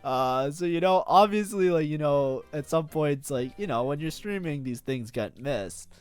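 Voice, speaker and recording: A man's voice: a little high, animated, normal speed, clear, resonant tone, dry recording. A man reviewing his own match as a streamer, swearing freely, bursting into frustrated outbursts and blaming himself. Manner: self-critical, talks constantly. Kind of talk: casual gameplay commentary.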